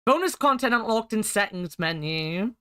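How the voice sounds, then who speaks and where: A woman streamer talks her way through an adventure game in a relaxed, joking manner, with a hoarse morning edge. Her voice is bright and clear and swoops lively up and down. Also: medium pitch, normal speed, no echo, clean studio sound. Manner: chatty, joking, swears casually. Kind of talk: casual gameplay commentary.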